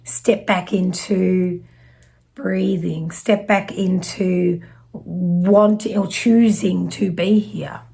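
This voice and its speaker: A woman from Australia giving spiritual messages as a psychic medium, speaking slowly and gently with soft trailing phrases and small self-corrections. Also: on the low side, fairly even intonation, gravelly, slight background noise. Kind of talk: spiritual message reading to camera.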